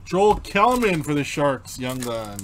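Slow, chatty man hosting a card break. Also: a little high, sing-song, slight background noise. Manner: reads out player names while opening packs, chatting with viewers. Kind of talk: live card-opening commentary.

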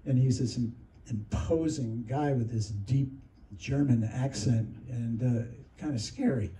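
A man being interviewed, telling a story in a casual, animated way and acting out what other people said. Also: mid-range voice, unhurried. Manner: animated storyteller who acts out others' lines. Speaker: interviewee recounting anecdotes. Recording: roomy sound from a distant mic.

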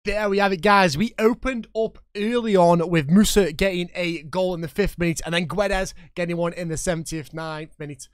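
Brief: young man, excitable game commentary, higher-pitched voice, dry close mic. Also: clear, resonant tone, no echo. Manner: excitable, shouts at the referee and commentator, chatty with viewers. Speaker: gaming YouTuber.

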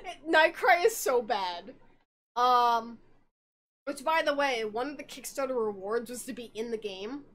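A woman's voice: a little high, animated, measured pace, fairly bright tone. A tipsy woman hosting a podcast, rambling through a game's story in casual chat, giggling and swearing as she goes. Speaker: podcast host.

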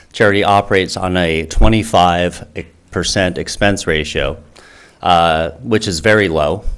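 A man's voice: deep voice, fairly bright tone. A man who founded a charity, speaking earnestly to a town council with many fillers and restarts. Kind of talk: public comment speech.

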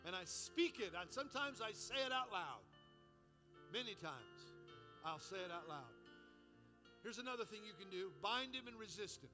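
Pastor guy preaching hard, real high sharp voice, big echoey hall with music under it. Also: very animated, moderate pace, long pauses. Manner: impassioned, commanding preaching. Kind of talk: sermon.

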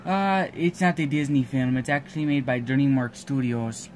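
A man's voice: mid-range voice, moderate pace, slight background noise. A young man co-hosting a casual chat, playful and silly. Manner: silly, playful, sing-song. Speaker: co-host.

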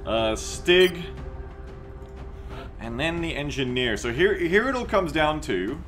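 A man's voice: on the high side, very animated, takes it slowly, fairly bright tone, soft background music. A man streaming a strategy game, joking and swearing as he reads chat messages aloud and riffs on them. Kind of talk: casual gameplay commentary.

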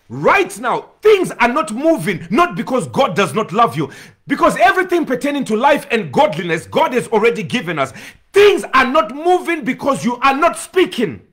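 A man's voice: very high voice, fairly bright tone. A man preaching an emphatic sermon, repeating phrases and breaking into bursts of tongues.

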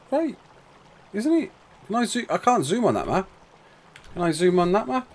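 A man streaming a game, rambling casually to his chat and to himself with quick exclamations. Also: high-pitched, sing-song, a little mellow. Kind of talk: casual live-stream chat while playing.

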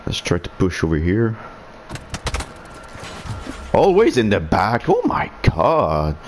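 A man with a deep, low voice talks slowly through his online shooter match, sarcastic and swearing as he grumbles about the other players. English is not his first language; he grew up speaking French. A faint hum sits under his voice. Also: huge pitch swings. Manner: sarcastic, swearing, frustrated muttering. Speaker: gaming streamer. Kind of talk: live gameplay commentary.

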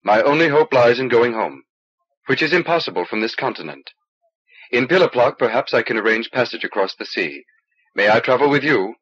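A man's voice: medium pitch, animated, fairly quick, a bit bright, breathy edge, lo-fi sound. A man voicing a weary, stranded male traveler who speaks formally and earnestly, on an old cassette recording.

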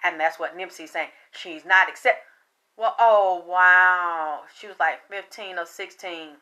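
A woman's voice: on the low side, steady tone, a little slow, pushed and bright. A woman giving a casual tarot card reading, chatty and profane, often breaking into laughter. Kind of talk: casual spiritual reading monologue.

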